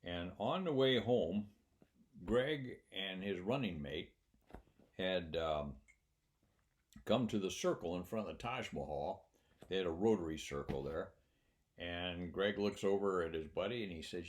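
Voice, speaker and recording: Low-voiced ex-officer storyteller, plainspoken, measured, quiet when moved. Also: male voice, lively intonation. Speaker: retired military officer telling a story. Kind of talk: personal storytelling.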